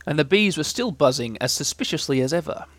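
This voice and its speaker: A man reading a children's storybook aloud in a gentle, unhurried way. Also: on the high side, animated, no room sound. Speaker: reader.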